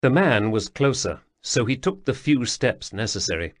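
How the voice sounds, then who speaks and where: A man narrating a fantasy audiobook in a measured, steady way. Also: medium pitch, no echo, clean studio sound. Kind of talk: scripted narration.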